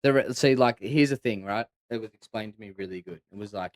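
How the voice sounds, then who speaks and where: A low-voiced man co-hosting a casual show, spinning a fable with lots of swearing and restarts. He talks loosely and with energy. The sound is dry and close to the mic. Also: a little fast, few pauses, no echo. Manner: profane, animated storyteller. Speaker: co-host. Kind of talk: casual podcast chat and storytelling.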